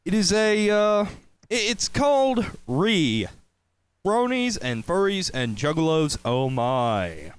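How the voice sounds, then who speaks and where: A man's voice: high-pitched, sing-song, smooth. A man with a slight Southern drawl hosting a casual podcast, loose and swearing freely. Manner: loose, swearing, drawn-out delivery. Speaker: podcast host.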